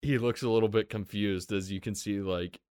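A man's voice: on the low side, steady tone, normal speed, a crowd in the background. A man narrating a tabletop game as game master, laid-back, laughing often and swearing casually.

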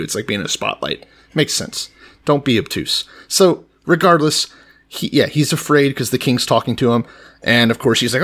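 A man talking casually and animatedly, his pitch swinging widely as he paraphrases scripture in slang. He swears freely and puts modern words in ancient mouths. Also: a bit bright. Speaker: podcast co-host. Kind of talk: casual profane chat retelling scripture.

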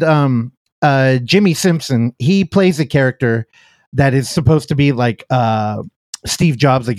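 A man's voice: mid-range voice, darkish tone, dry recording, clean studio sound. A man hosting a casual film podcast, chatting loosely, laughing often and interrupting himself. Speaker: podcast host. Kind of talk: casual podcast chat about films.

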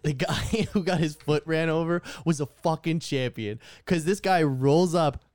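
A man in casual banter, a profane, animated storyteller who acts out what people said. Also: a little high, a little slow.

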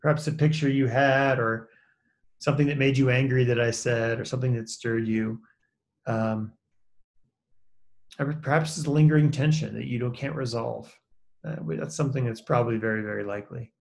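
A man leading a reflective closing talk as a pastor on a video call, speaking slowly with hesitant fillers. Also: mid-range voice, fairly even intonation, gravelly, slight background noise. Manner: slow, measured, with hesitant fillers.

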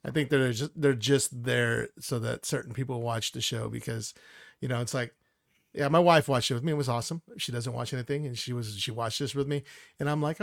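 A man's voice: medium pitch, fairly even intonation, fairly quick, vocal fry, no room sound, studio quality. A man co-hosting a podcast in casual chat, talking in a laid-back, rambling way with lots of fillers. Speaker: podcast co-host.

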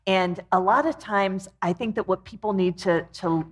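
A middle-aged woman co-hosting a faith-based marriage talk, chatty and warm, quoting scripture. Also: mid-range voice, moderate pace. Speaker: co-host.

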